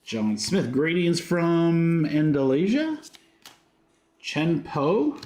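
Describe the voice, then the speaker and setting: A man's voice: fairly high pitch, big pitch swings, drawn-out words, mellow, roomy sound. A man hosting a trading card break, rattling off card names with chatty asides to his viewers. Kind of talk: casual livestream commentary while opening packs.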